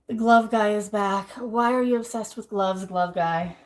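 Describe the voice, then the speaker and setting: A woman with a mid-range voice hosts a casual cooking livestream at an unhurried pace. She chats with viewers, answers the chat, and talks herself through each step as she cooks. At times she's out of breath.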